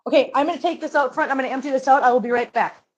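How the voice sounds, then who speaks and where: A woman's voice: high-pitched, racing. Chatty woman on a lo-fi stream. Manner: chatty, talks to her cats and chat viewers. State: out of breath. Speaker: cat channel vlogger. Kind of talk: casual livestream chat while cleaning.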